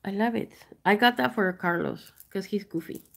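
Woman hosting a casual jewelry sale stream, chatty, mid-pitched with some vocal fry. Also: moderate pace, a little hiss or hum. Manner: chatty, rambling, showing items up close. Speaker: online jewelry seller. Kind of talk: casual live-sale chat.

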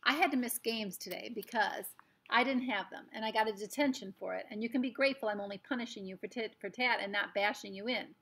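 A woman's voice: on the high side, fast talker, slightly rough. Woman doing a smug lofty big brother. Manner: calm and superior.

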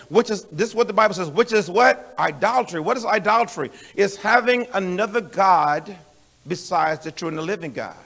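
A middle-aged man preaching a sermon in a conversational way, with restarts and laughs, who builds to emphatic shouts and calls out to the congregation. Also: fairly high pitch.

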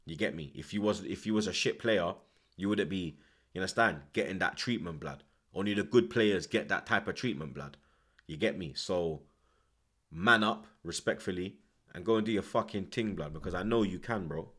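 Low-pitched and a bit bright, with a breathy edge, this young man talks at a moderate pace. He's commentating and chatting on a live football watchalong stream, animated and full of slang and recurring tag words.

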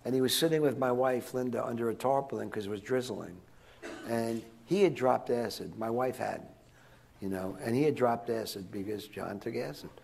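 Older guy with a gravelly voice, rambling war stories for a room of students, keeps restarting sentences. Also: medium pitch, normal speed, darkish tone, slight background noise. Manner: chatty, digressive, frequent restarts and chuckles. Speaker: guest speaker. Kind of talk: rambling anecdotal storytelling to students. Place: in front of a live audience.

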